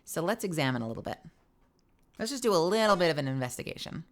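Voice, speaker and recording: A woman's voice: sits low, big pitch swings, quick pace. A woman streaming a game playthrough, playful and joking, swearing casually as she plays. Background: game music.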